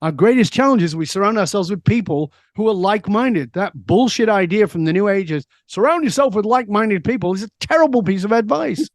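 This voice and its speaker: A middle-aged man, a guest on an interview, telling stories in a lively way and answering his own questions. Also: high voice, brisk, few pauses, no echo, clean studio sound. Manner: lively storyteller who asks himself questions and answers them. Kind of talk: storytelling in a conversational interview.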